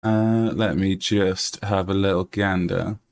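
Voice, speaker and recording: Low-voiced Yorkshire man streaming a game. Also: fairly even intonation, slow pace, gravelly. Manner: chatty, rambling, reads aloud with many fillers. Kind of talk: casual live-stream chat.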